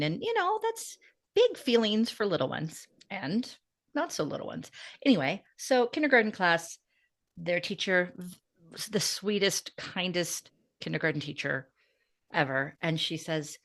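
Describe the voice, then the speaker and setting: A middle-aged woman hosting a chat show, telling an animated story about her teaching day and acting out the people in it. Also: mid-range voice, measured pace. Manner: animated storytelling, acts out voices. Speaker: podcast host. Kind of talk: casual chat.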